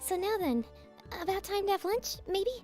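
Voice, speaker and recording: A woman voicing a cheerful, eager teenage girl in a squeaky, bubbly voice. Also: animated, moderate pace, darkish tone, soft background music.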